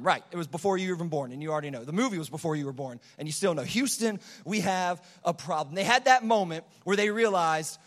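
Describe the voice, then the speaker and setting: A man's voice: high voice, a bit bright. A young man preaching a casual storytelling sermon, rambling and conversational with many fillers and restarts. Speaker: pastor. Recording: long hall reverb.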